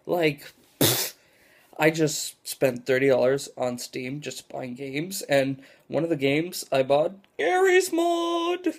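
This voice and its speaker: A young adult vlogger, tired and scatterbrained, talks to a camera in a dim room at home. The delivery rambles, drops into mumbled asides and then jumps into loud outbursts. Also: medium pitch, steady tone, takes it slowly. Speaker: gaming vlogger. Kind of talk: casual rambling vlog to camera.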